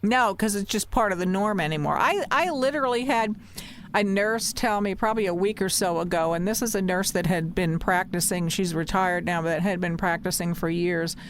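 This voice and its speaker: A woman's voice: medium pitch, normal speed, a little hiss or hum. A woman hosting a podcast in casual talk, passionate and emphatic, often repeating her points. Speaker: podcast host.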